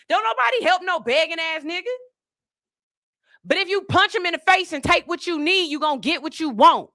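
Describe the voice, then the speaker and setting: High-voiced woman ranting bluntly. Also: lively intonation, normal speed, sharp tone. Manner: blunt, profane, emphatic ranting. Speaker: podcast host. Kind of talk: casual podcast commentary.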